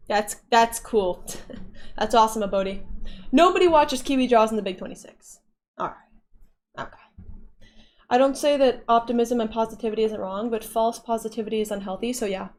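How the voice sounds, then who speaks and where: A woman's voice: a little high, darkish tone. A young woman livestreaming, casually reading and answering chat with playful giggles.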